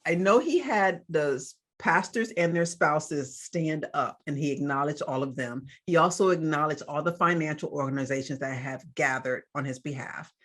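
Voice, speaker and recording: A woman's voice: deep voice, moderate pace, few pauses, a bit bright. A woman co-hosting a faith podcast, chatting casually as she recaps a church celebration and a sermon, with fillers and asides. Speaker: podcast co-host.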